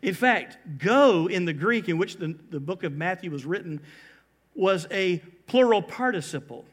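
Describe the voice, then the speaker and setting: A man preaching a sermon as pastor, slowing down and lifting his voice to stress key phrases. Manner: animated preaching, slows down for emphasis and rises in pitch.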